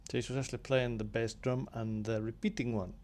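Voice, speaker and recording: A man casually walking through his synth module's settings, thinking aloud with plenty of ums and pauses. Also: mid-range voice, fairly even intonation, a little mellow, soft background music. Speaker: synth hobbyist demonstrating gear. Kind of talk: casual tutorial walkthrough.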